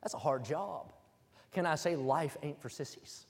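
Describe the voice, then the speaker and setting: A man from West Virginia preaching a humorous sermon, joking with the room and calling for amens as he builds to loud, emphatic points. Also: fairly high pitch, moderate pace. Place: church hall. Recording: reverberant hall.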